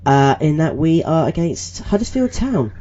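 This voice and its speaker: A man's voice: fairly high pitch, sing-song, normal speed, warm tone, dull audio. A man co-hosting a casual football podcast, talking tactics with an eager, gleeful manner. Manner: enthusiastic, gleeful, analytical. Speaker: podcast co-host.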